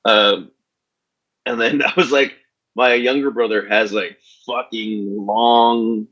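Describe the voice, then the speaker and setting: Middle-aged man, podcast co-host, husky voice, lively pitch, joking casual talk, dull lo-fi recording. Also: slow. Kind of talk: casual chat. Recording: dull, lo-fi sound.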